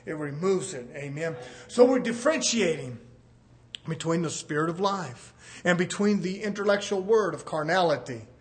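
A man preaching a fervent sermon, repeatedly calling out "brothers and sisters" and building to shouts. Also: fairly high pitch, lively intonation, moderate pace.

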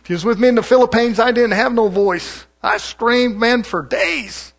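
High-voiced man preaching folksy. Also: moderate pace, creaky, a bit bright. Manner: folksy, conversational preaching with mimicry. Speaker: pastor. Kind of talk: sermon.

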